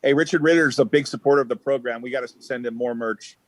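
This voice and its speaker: A man's voice: mid-range voice, fast, no room sound, low-quality recording. A man hosting a talk show over a remote link, pressing his co-host with questions. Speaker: show host, company chairman. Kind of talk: casual show banter. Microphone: remote call.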